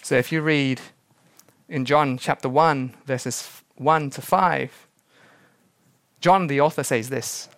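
A man preaching a sermon as pastor, dramatic, acting out quotes and slowing down for emphasis. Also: mid-range voice, a bit bright, no echo, studio quality.

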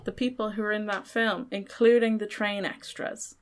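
A woman's voice: medium pitch, steady tone, normal speed. Playful, crude woman co-hosting. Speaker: podcast co-host. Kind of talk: casual comedic chat.

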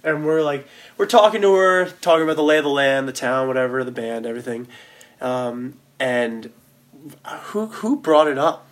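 A man's voice: mid-range voice, expressive, normal speed. A man in his twenties, a band member, telling tour stories in a rambling, casual way, full of slang and restarts. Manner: rambling, lots of fillers and restarts, loose slang. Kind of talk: casual storytelling chat.

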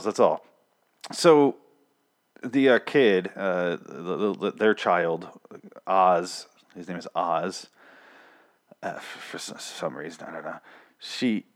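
A man hosting a casual TV review, rambling, swearing freely and correcting himself as he goes. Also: low voice. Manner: rambling, profane, self-correcting. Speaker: host of a TV review show.

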